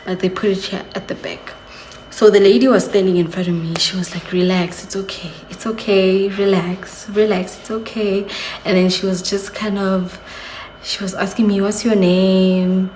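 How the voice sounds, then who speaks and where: A woman's voice: medium pitch, slight background noise. A young woman, telling a story to her viewers in a chatty, confiding way. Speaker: vlogger. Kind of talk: casual storytelling to camera. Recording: echoey room.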